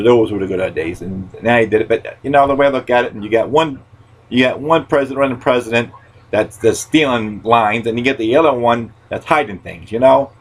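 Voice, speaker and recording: A man hosting a podcast, telling a story in a loud, rambling way and swearing freely. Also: medium pitch, rough recording. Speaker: podcast host.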